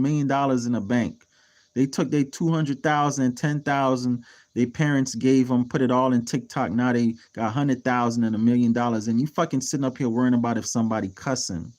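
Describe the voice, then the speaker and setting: This man's voice is mid-range and a little mellow as he chats casually on a livestream in his role as a real estate mentor. Heavily profane and blunt, he erupts now and then into angry rants.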